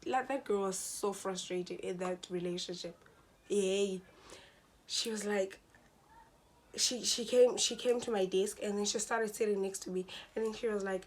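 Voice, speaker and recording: A young woman with a South African Xhosa accent, casually telling a personal story to her channel and acting out other people's lines. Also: mid-range voice. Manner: animated, switches into quoted voices and mixes in Xhosa.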